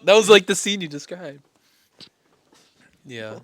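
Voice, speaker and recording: A man's voice: high voice, big pitch swings, unhurried. A young man co-hosting a podcast, chatting casually and rambling through stories with lots of fillers and restarts on a close mic. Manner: rambling storyteller, lots of fillers and self-corrections. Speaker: podcast co-host. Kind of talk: casual chat.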